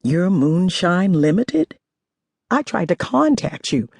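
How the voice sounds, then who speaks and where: A woman doing a blunt, hard-edged man in a storybook reading, voice pitched down, husky and warm, talking in a flat dry way that makes his exasperation plain. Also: slow pace, no room sound, exaggerated voice. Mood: wary. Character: determined male whiskey collector, blunt.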